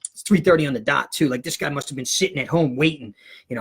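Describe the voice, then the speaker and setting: A man's voice: fairly high pitch, quick pace, creaky, husky. A man in his fifties, a podcast guest telling a rambling comic story and acting out the voices of the people in it. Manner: animated, rambling storyteller who acts out voices.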